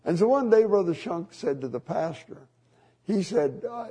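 A man's voice: high voice, lively intonation, normal speed, mellow, husky. An older man preaching a sermon as a pastor, telling folksy stories with many fillers and restarts.

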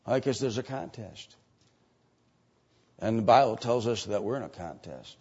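An older man preaching a sermon and reading scripture aloud. He moves between loud, emphatic preaching and quiet asides. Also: fairly low pitch, expressive, moderate pace, slightly rough. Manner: reads scripture aloud in old-fashioned wording. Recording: dull lo-fi sermon recording.

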